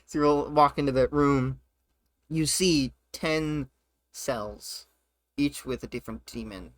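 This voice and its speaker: A man narrating a tabletop game as game master, often pausing to search for words. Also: mid-range voice, fairly even intonation, no room sound, clean studio sound.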